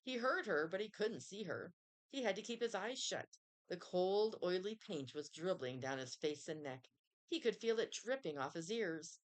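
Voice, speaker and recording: A woman reading a children's chapter book aloud in an expressive storytelling manner. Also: on the low side, moderate pace. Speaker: reader.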